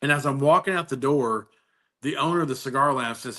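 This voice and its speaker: Speaking a little fast, the man has a bright, forceful, mid-range voice. He spins stories enthusiastically during a casual live video chat, backing up and restarting many times.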